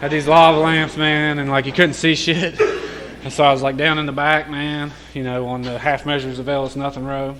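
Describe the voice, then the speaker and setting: A man's voice: a little high, level tone, normal speed, very noisy. A man sharing his recovery story in casual, profane storytelling, often laughing as he talks.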